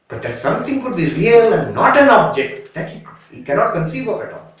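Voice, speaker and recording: A man giving an animated spiritual lecture, telling a story and acting out its voices. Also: high-pitched, fairly quick. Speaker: monk giving a retreat talk. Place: retreat hall. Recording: echoey room, from a distance.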